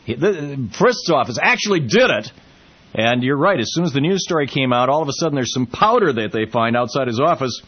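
A man hosts a call-in political radio show at a middle pitch, talking in a loose, stumbling way with frequent fillers and restarts. The audio is a little dull, like an older radio broadcast. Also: animated, fairly quick, husky. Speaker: talk radio host.

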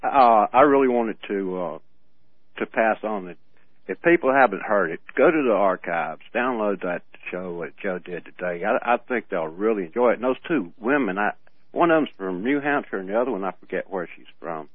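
A man co-hosting a radio show in casual chat, telling rambling stories with halting restarts and frequent laughs. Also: on the low side, animated, dry recording. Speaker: radio co-host. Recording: tinny phone-like radio audio.

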